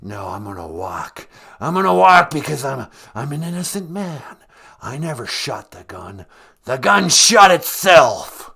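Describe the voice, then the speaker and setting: A man doing a comedic impression of an angry celebrity caller who makes slow, drawn-out threats. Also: a little high, very animated, vocal fry, a crowd in the background, exaggerated voice. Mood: defiant. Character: blustering angry movie-star man caller.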